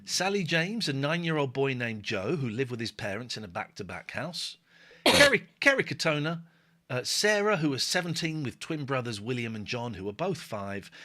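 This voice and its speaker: A man's voice: mid-range voice, very animated, moderate pace, sharp tone. A man hosting a casual chat show, joking and talking bluntly with plenty of swearing. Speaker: host.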